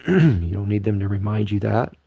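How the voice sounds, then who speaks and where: Deep gravelly angry man. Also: expressive, a little slow, mellow, no echo, dull audio. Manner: angry, swearing, reassuring. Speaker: partner sending a video message. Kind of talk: casual recorded voice message.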